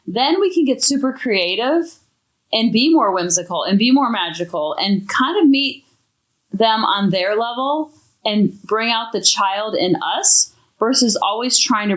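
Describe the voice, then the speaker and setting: A woman hosting a parenting podcast, talking in an emphatic, enthusiastic way. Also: mid-range voice. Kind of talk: podcast talk.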